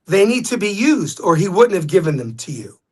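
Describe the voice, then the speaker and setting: A man, a guest telling stories in a casual interview, animated when quoting others. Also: sits high, fairly quick, husky.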